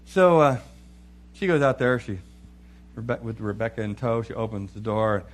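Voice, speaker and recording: A middle-aged man telling a funny family story in an animated, chuckling way. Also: medium pitch, normal speed. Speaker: speaker. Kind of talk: humorous storytelling talk.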